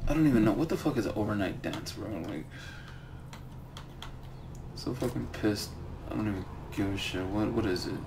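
A man's voice: fairly low pitch, normal speed, pauses often, noisy background. A young man streaming a game, ranting and swearing about the loot he gets. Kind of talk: live gaming commentary.

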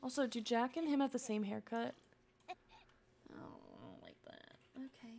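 A woman's voice: fairly high pitch, wildly swooping pitch, normal speed, vocal fry, darkish tone. A young woman streaming a life-sim game, chatting and coaxing her characters along with frequent laughs. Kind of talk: casual gameplay commentary.

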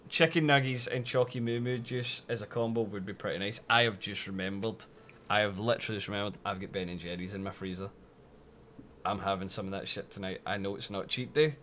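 A young Scottish man streaming a game, loud and sweary, with bursts of playful mock outrage. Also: fairly low pitch, a little hiss or hum. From Scotland. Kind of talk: casual live-stream commentary.

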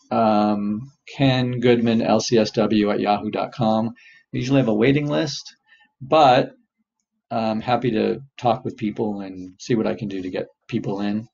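A man leads a webinar as a therapist, coaching his listeners through an exercise with steady encouragement. His voice carries a gravelly rasp, and the audio is dull and lo-fi, as from a video call. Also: medium pitch.

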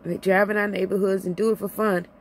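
This is a middle-aged woman from Illinois, close to tears, pouring out a heated personal rant for her vlog; she repeats herself and her voice ranges high to low. She talks fast in a level tone, with a slight hiss or hum in the recording.

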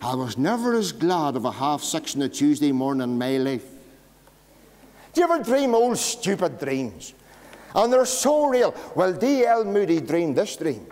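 High-voiced Northern Irish pastor. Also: male voice, normal speed. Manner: lively, homely storyteller. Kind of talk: storytelling sermon. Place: church. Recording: long church reverb.

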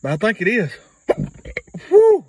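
A man's voice: on the high side, lively intonation, moderate pace, fairly bright tone, dry recording, rough recording. A man, rambling through a casual video blog in a folksy way and repeating himself. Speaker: vlogger.

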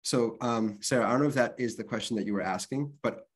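Man, workshop presenter, conversational and explanatory, mid-pitched voice. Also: fast talker, husky. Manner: conversational, explanatory, spells out sounds. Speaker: literacy presenter. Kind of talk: workshop lecture.

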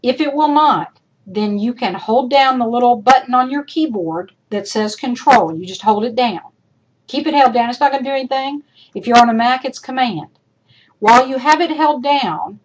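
A woman instructor gives recorded feedback to her class over a computer mic, in a voice pitched a little high. She speaks directly and chattily, repeating each point to drive it home. Her voice is starting to go hoarse. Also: moderate pace, dull audio. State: voice going hoarse. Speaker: college instructor. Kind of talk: recorded lecture feedback over screen demo.

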